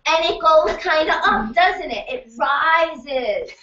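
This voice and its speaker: A woman health practitioner leading a lively workshop lecture, firing questions at her audience in an animated way. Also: sits high, slow pace. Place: event room in New York City. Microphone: distant room mic. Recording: echoey room, distant mic, muffled, faint noise.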